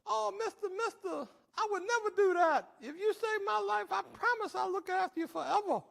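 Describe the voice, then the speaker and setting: A man doing a high begging snake. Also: normal speed, creaky, fairly bright tone, very echoey, big-room sound, distant mic, exaggerated voice. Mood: pleading. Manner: begging, wheedling. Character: pleading, sly dying snake.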